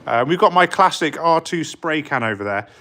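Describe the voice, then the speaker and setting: A man's voice: on the high side, lively intonation, moderate pace, sharp tone. A middle-aged man from England chatting casually on a live stream while working in his art studio, rambling with plenty of ums and eagerly greeting viewers. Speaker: street artist streaming live.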